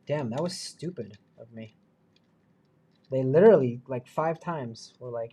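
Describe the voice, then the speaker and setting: The host of this live build stream speaks in a husky, mellow mid-range voice at a measured pace. He narrates his thinking as he works, keeping it chatty and self-deprecating.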